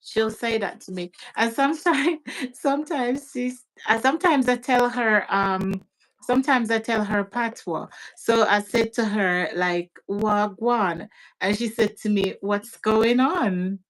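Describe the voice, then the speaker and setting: A woman talking in an unhurried, casual chat, laughing now and then and dropping in patois phrases. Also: fairly high pitch, fairly bright tone, rough recording. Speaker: guest parent.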